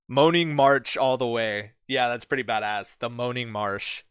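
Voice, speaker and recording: Profane animated male streamer, dry mic. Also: mid-range voice, moderate pace, hardly any pauses, clear, resonant tone, no room sound. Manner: profane, animated, storytelling with dramatic hushed build-ups. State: bit his cheek, sore mouth. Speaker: livestream host reading chat. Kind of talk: casual livestream chat.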